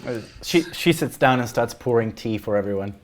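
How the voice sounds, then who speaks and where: A man's voice: medium pitch, animated, brisk, slight background noise. A man running a tabletop game as game master, narrating in a loose way with many fillers and restarts.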